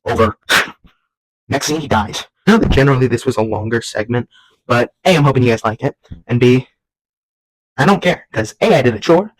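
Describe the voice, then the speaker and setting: A man's voice: mid-range voice, lively intonation, normal speed, pauses often, no room sound, low-quality recording. Young male vlog host, home setting, loose and rambling, comedic. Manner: goofy, rambling, jumps into silly voices. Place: at home while folding laundry.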